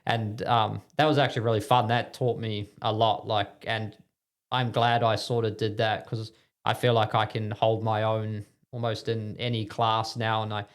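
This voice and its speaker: A man's voice: on the low side, little pitch movement, normal speed. A man from New Zealand, a speedway driver guesting on a podcast, talking in a rambling, self-deprecating way with lots of fillers. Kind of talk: casual podcast interview. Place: podcast studio.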